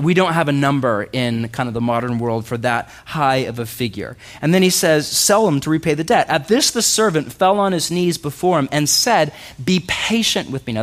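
Conversational preacher with a higher voice. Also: male voice. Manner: conversational preaching, rhetorical questions to the congregation. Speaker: pastor. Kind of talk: sermon.

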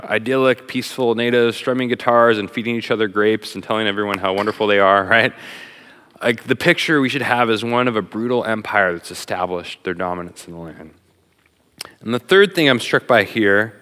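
A middle-aged man preaching a sermon as a pastor, talking in an animated, conversational way with plenty of fillers. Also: medium pitch. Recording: long hall reverb.

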